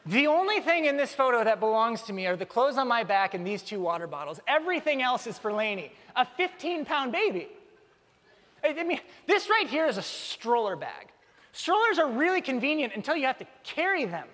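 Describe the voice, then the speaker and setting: A young man preaching a sermon as a pastor, telling stories with animated, self-mocking humor. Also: extremely high pitch, fairly quick. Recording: long reverb of a large hall.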